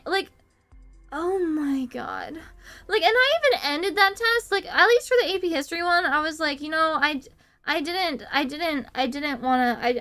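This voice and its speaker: High, bright giggly streamer woman. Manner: rambling, giggly and self-deprecating, swears casually. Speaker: VTuber streamer. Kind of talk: casual chat stream.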